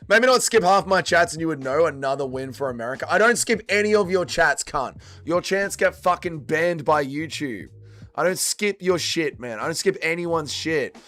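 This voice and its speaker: A man's voice: on the high side, animated, normal speed, bright, forceful tone, no echo. A man hosting a fight watch-along stream, swearing a lot and bantering with his chat. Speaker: livestream host.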